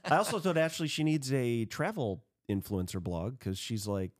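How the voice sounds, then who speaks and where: A man of middle pitch hosting a podcast, talking loosely and at length. He rambles from one thought to the next and laughs easily. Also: sing-song. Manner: chatty, rambling, quick to laugh. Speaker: podcast host. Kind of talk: casual chat.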